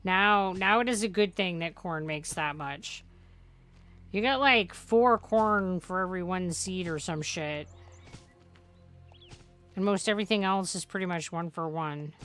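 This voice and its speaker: Bright-voiced woman rambling while gaming. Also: on the low side, unhurried, faint music behind. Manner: rambling, joking, profane. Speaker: game streamer. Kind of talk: casual gameplay commentary.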